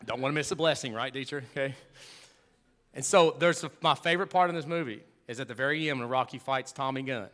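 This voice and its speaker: A man's voice: medium pitch, fast talker. Man, pastor, sermon, emphatic, conversational, joking asides. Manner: emphatic, swings from loud to hushed.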